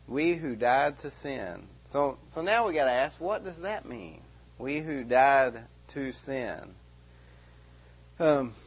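A man preaching a verse-by-verse sermon, repeating key phrases slowly and with emphasis. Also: mid-range voice, highs cut off. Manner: emphatic repetition, slow stressed phrases. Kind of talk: expository sermon.

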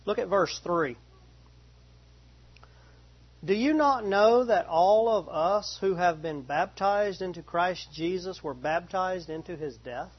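Man, Bible study teacher, high-pitched, slow deliberate delivery, repeats phrases, dull lo-fi recording. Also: husky.

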